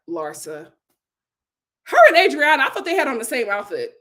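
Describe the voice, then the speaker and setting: A woman hosting a casual reality TV recap, talking in an animated, exclamatory way with lots of incredulous reactions. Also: high voice, normal speed, pauses often. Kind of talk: casual chat.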